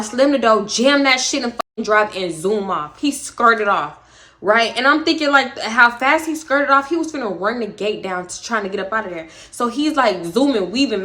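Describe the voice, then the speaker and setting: Young Southern woman vlogger, high bright voice, lively profane storytelling. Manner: animated, profane, acts out other people's lines. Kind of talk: casual storytelling.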